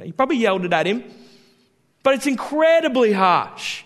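High-voiced guy preaching a sermon, gets loud then goes quiet, big echoey church hall. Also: moderate pace. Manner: animated, swings between loud emphasis and quiet asides. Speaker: pastor.

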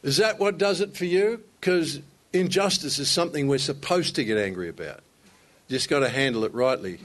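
A man's voice: on the high side, lively intonation, moderate pace. A man speaking to other men in a conversational sermon, telling stories with self-deprecating humor.

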